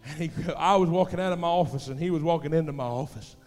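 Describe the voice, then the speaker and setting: A male pastor preaching a fervent sermon in a church, swinging between hushed, intimate passages and loud, shouted exhortations. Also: on the high side, fast, long reverb tail, soft background music. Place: church sanctuary.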